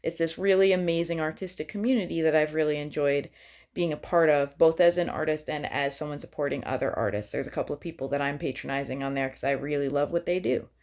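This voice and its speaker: A woman songwriter with a slightly low-pitched voice talks to her viewers in a loose, chatty vlog. She sounds enthusiastic and often pauses on fillers. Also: darkish tone. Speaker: singer-songwriter.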